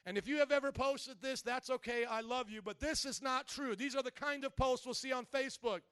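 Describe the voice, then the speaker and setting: A married man preaching a sermon, animated, swinging from quiet reasoning to loud shouting and playful mock voices. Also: very high voice, a little fast, clean tone, no room sound. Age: adult, married. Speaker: pastor.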